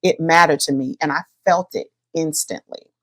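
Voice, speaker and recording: A middle-aged woman, hosting a podcast and chatting about her own life in a lively, animated way. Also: low voice, moderate pace, no room sound. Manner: lively, chatty, addresses listeners as y'all. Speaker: podcast host. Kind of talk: personal storytelling to listeners.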